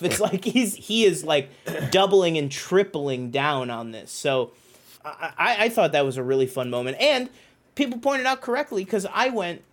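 A man co-hosting a podcast, talking in a rambling, animated way with plenty of fillers and restarts. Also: fairly high pitch, normal speed. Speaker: podcast co-host. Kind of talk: casual chat.

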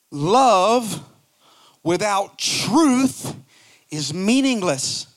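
High-voiced male pastor preaching with fire. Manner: emphatic preaching, swinging between loud bursts and soft low asides; acts out quoted lines in mocking voices. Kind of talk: sermon.

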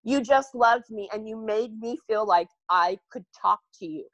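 A woman's voice: fairly high pitch, moderate pace, a bit bright, dry recording, highs cut off. An older woman talking earnestly as a podcast guest, rambling and restarting her sentences as she speaks. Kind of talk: candid podcast conversation.

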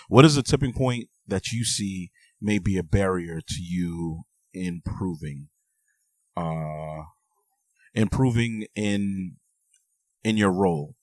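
Very deep-voiced man on a podcast. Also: dry recording. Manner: relaxed, joking, with many fillers. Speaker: podcast co-host. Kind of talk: casual podcast chat and advice.

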